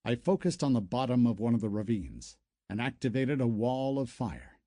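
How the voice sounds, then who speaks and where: A man's voice: medium pitch, moderate pace, no echo. A man narrating a first-person sci-fi novel as an audiobook, close to the mic. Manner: storytelling, expressive.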